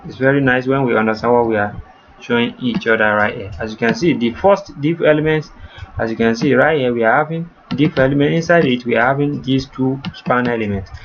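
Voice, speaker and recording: A man's voice: mid-range voice, brisk. A man teaching a coding lesson, walking through each step and repeating points so viewers can follow. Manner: repetitive step-by-step explaining, addresses viewers as you guys. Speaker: coding tutor. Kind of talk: screen-recorded coding tutorial. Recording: slightly muffled, faint background noise.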